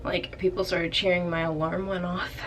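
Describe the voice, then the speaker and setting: A woman's voice: on the low side, level tone, normal speed, a bit bright, a little hiss or hum. A young woman in her late teens, talking through a casual video diary in a rambling way, full of "like" and "um". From Canada. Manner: rambling, filler-heavy, frequent "like" and "um". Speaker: vlogger.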